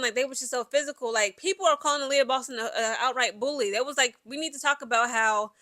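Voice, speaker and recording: Woman sports vlogger, AAVE speech, high and bright, casual and chatty, heavy on fillers. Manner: chatty, animated, lots of fillers and asides. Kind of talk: casual sports recap chat.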